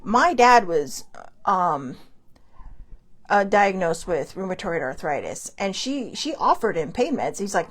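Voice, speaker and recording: A middle-aged woman hosting a show, telling a personal story in a candid, animated way and swearing freely when indignant. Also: mid-range voice, a little slow. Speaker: podcast host. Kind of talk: casual storytelling monologue.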